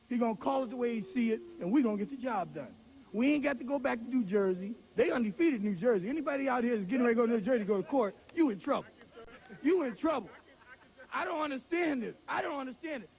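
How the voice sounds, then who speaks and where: A man who manages and trains a boxer, hurling loud taunts with a preacher-like rhetorical cadence and at a press conference. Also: very high-pitched, expressive, quick pace, gravelly, poor audio. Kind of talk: fiery press conference trash talk. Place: crowded press conference hall.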